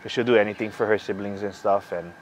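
A young man telling the story of his engagement in a casual interview, halting with many fillers and sincere. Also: on the low side, fairly even intonation, slight background noise, low-quality recording. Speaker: groom-to-be interviewed for an engagement video.

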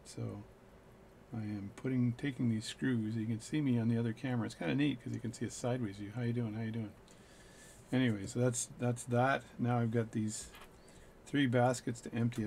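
Middle-aged male watchmaker, casual bench play-by-play, slightly gravelly. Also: medium pitch, a little mellow, slight background noise. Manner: chatty, joking, narrates as he works. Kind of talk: workbench play-by-play chat.

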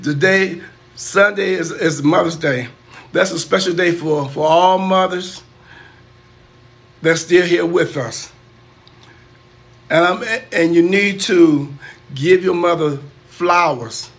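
High-voiced older man, preachy and defensive. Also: takes it slowly, vocal fry, pauses often, a bit bright, reverberant. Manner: defensive, preachy, repeats himself. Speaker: uncle on a livestream. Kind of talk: casual livestream banter.

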